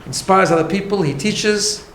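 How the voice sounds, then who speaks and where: A man's voice: high-pitched, normal speed, fairly bright tone. A man teaching an informal class as a rabbi, talking conversationally and emphatically, often restarting and checking in with "right?". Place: study hall. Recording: echoey room, faint background hum.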